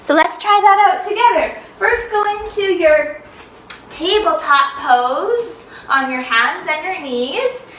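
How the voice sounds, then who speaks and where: High, slow, bright-voiced woman teaching kids yoga. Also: lively intonation, echoey room, distant mic, slight background noise, poor audio. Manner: bright, playful, sing-song teacher voice with animal sounds. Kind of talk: children's yoga lesson.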